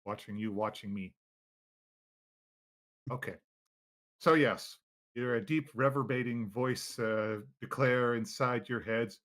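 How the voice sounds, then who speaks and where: A man's voice: medium pitch, measured pace, pauses often, fairly bright tone. A man running a tabletop game as game master over a video call, in an easygoing style with lots of fillers.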